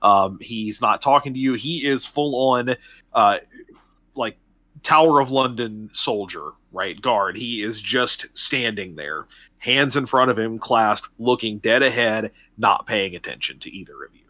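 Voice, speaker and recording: A man's voice: on the low side, unhurried, bright, forceful tone, no room sound. A man narrating a tabletop game as game master, in a casual style with lots of fillers.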